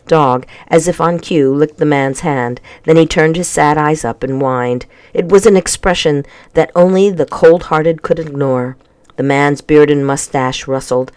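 An audiobook narrator reading a children's novel in an even, measured way. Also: mid-range voice, clear, resonant tone. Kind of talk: scripted narration.

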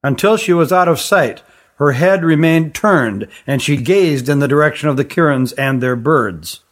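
A man narrating an audiobook in a steady, deliberate storytelling style. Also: a little high.

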